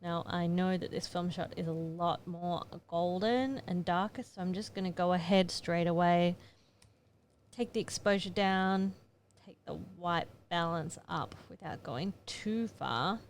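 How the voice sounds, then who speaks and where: A female photographer gives an editing tutorial, casually narrating each step and muttering to herself in a chatty way as she goes. Her voice sits on the low side and she's unhurried, with slight background noise.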